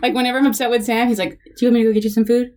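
Woman, podcast co-host, higher voice, casual storyteller who goes off on tangents and laughs a lot. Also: flat delivery, racing, a little mellow. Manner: chatty storyteller who drifts into tangents, laughing as she talks. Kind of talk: casual chat. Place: small podcast studio.

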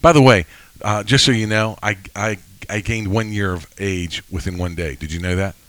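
A man's voice: fairly low pitch, fairly even intonation, normal speed, a bit bright, clear, resonant tone. A man in his sixties hosting a faith podcast, telling emotional stories in a rambling way with many restarts. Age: 60s. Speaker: podcast host. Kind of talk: casual faith podcast chat.

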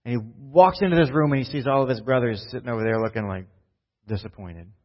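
A man's voice: medium pitch, fast. A man preaching a sermon in a casual storytelling manner, often checking in with "right?". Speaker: pastor. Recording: dull lo-fi sound.

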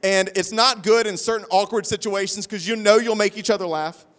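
A man preaching a sermon, telling a funny, self-deprecating story in an animated way. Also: high voice, brisk. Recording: long hall reverb.

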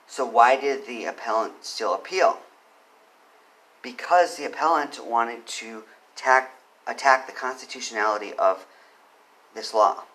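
A man's voice: medium pitch, a little slow, pushed and bright, low-quality recording. Guy breaking down a court ruling, earnest, speeds through the quotes, pushes his points hard. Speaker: commentator on court cases. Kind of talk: casual spoken commentary on a legal case.

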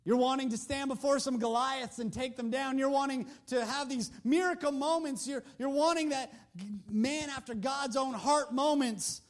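A man's voice: extremely high pitch, moderate pace. A man preaching a sermon in a conversational, emphatic way, full of rhetorical questions, into a handheld mic.

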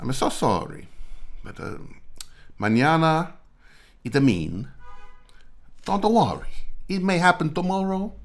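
A man voicing an excitable Spanish businessman with a mock Italian accent, speaking broken English in a reassuring singsong. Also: on the low side, moderate pace, gravelly, few pauses, breathy edge, full character voice. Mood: soothing.

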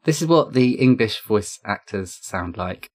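A man's voice: fairly low pitch, animated, a little slow. A man hosting a casual podcast chat, reading off facts with lots of fillers. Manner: chatty, lists facts with many fillers. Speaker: podcast host.

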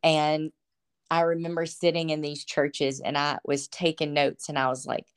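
A woman's voice: deep voice, little pitch movement, normal speed, smooth. A woman, a podcast guest, telling her faith testimony in casual chat, earnest and emotional, often breaking into laughter.

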